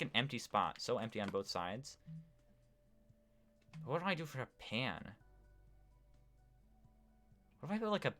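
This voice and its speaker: A man streams himself playing a building game, rambling to chat with many fillers. His voice is lowish, pushed, and bright.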